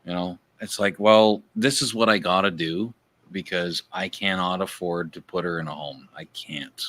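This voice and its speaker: Low bright-toned frank man. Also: steady tone, moderate pace. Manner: frank and profane, rueful. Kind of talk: casual chat on a livestream.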